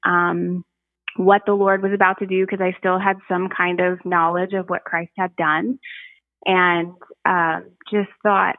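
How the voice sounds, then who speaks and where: A woman's voice: on the low side, little pitch movement, no echo. Earnest woman on a tinny phone line. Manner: earnest, halting, reflective. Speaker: podcast guest. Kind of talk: personal testimony interview.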